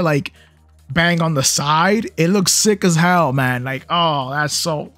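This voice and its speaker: A young man hosting a comic reaction video, talking in excitable, slangy hype and reading panels aloud. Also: a little high, takes it slowly, no room sound, faint music behind. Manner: excitable slangy hype talk, laughs often.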